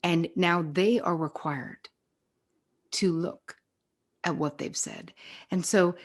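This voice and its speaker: A middle-aged psychotherapist from the New York area, a woman with a lowish voice, speaks slowly with fairly even intonation as a podcast guest. In this casual conversation she's blunt, swears, and acts out the people she quotes.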